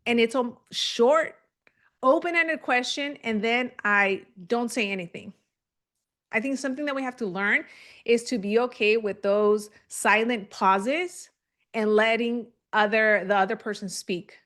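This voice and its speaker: A woman's voice: a little high, unhurried, a bit bright. A young adult woman giving a live online training, explaining to the camera and acting out call scripts. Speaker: real estate coach.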